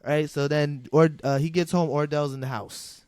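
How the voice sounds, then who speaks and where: A man's voice: a little high, fairly even intonation, normal speed, a little mellow, smooth, no room sound, clean studio sound. A man co-hosting a casual podcast, retelling a film scene by scene and acting out the characters' lines, laughing often. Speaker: podcast co-host. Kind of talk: casual movie recap chat.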